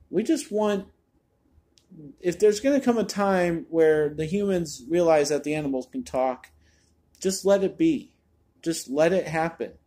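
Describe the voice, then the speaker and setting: A man's voice: fairly high pitch, warm tone. A man giving a casual spoken movie review, chatty and exasperated, often repeating words as he restarts a thought.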